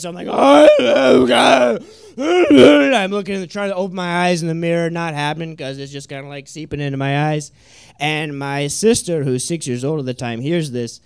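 A young man telling a stand-up story, animated and laughing, with many "like"s. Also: a little high, clean tone, no echo. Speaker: stand-up comedian.

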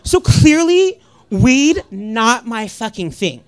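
Animated, profane woman doing stand-up. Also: fairly high pitch, takes it slowly. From Northern California. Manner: animated, profane, acts out voices. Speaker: stand-up comedian. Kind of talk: stand-up comedy set.

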